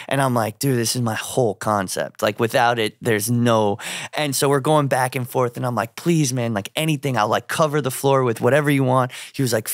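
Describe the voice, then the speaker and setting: A young man recounts a story in casual conversation, animated and quick to act out the people in it. His voice is mid-pitched and the sound is close and dry. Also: dry recording. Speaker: fashion designer guest.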